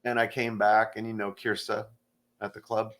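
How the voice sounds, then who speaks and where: Middle-aged man, gravelly, fairly low voice, relaxed storytelling, casual podcast chat. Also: moderate pace. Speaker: stand-up comedian, guest.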